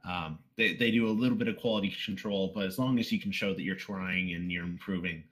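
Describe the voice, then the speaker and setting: A man's voice: sits low, fairly quick, fairly bright tone. A man hosting a podcast who has a slight stutter. He chats casually and steers the interview, recorded on a USB condenser microphone. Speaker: podcast host.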